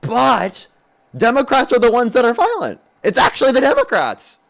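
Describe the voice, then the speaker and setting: A man putting on a preachy, hypocritical male rally speaker in a loud mocking voice. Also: extremely high pitch, wildly swooping pitch, moderate pace, vocal fry, pitched above the performer's own voice, exaggerated voice. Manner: mocking, shouting.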